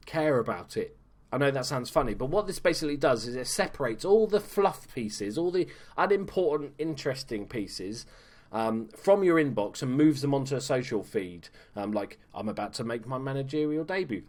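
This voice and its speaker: A man talks through a video game in a relaxed, chatty way from home, peppering his commentary with casual swearing and dry little asides. His voice sits at an ordinary middle pitch for a man. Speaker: gaming YouTuber.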